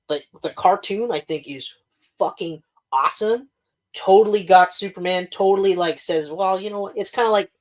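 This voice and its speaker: A man in his thirties co-hosting a casual chat podcast, rambling and swearing, often laughing at his own jokes. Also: high-pitched. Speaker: podcast co-host.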